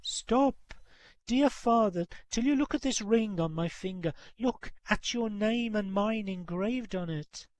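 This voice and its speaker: A man's voice: sits high, slow, no echo, pitched above the performer's own voice. A man reading aloud as a tearful young woman who earnestly implores her parents to recognize her. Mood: imploring. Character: young woman, pleading lost daughter.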